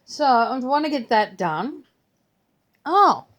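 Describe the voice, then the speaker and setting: A woman's voice: sits high, sing-song, slow pace, fairly bright tone, slight background noise. An older grandmother, chatting casually in her vlog, rambling and slipping into playful voices when she retells things. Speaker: vlogger. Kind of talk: casual chat.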